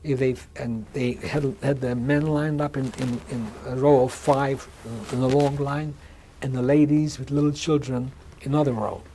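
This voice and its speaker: Halting older man with a mellow voice. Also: medium pitch, steady tone, a little hiss or hum. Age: 60s. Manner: halting, with frequent restarts and repeated words. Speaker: interviewee. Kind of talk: oral history testimony. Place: museum interview room.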